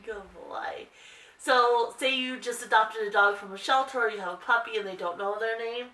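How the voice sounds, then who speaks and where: A woman dog trainer explaining training steps calmly in a casual instructional video. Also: a little fast, distant mic. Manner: calm explaining, breaks into high sing-song calls to the dog. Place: indoor room. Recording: roomy echo, voice a bit off-mic.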